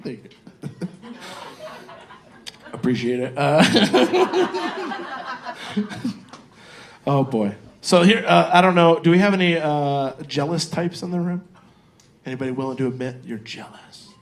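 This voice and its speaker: A man's voice: fairly high pitch, sing-song, slow, pauses often, a little hiss or hum. A man in his forties doing a crude, loose stand-up set, chatting with the audience from a comedy club stage on a handheld mic. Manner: crude, loose, crowd-working.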